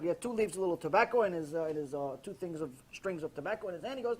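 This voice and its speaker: Male rabbi, sermon, very high pitch, husky, emphatic storytelling, hushed then loud. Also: lively intonation, rapid-fire. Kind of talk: Torah lesson sermon.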